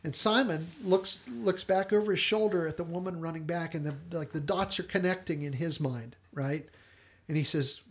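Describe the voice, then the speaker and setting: Guy on a podcast walking through an episode scene by scene, kinda gravelly, voice sits a bit high. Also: moderate pace. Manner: earnest storyteller, quotes dialogue in a hushed tone. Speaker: podcast co-host. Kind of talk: casual chat retelling a TV episode.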